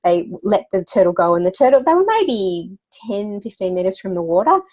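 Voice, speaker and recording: A woman's voice: medium pitch, animated, moderate pace, a little mellow. A woman guest in a casual interview, talking as a children's wellbeing coach with a chatty storyteller's manner, laughing now and then and using lots of fillers. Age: adult parent.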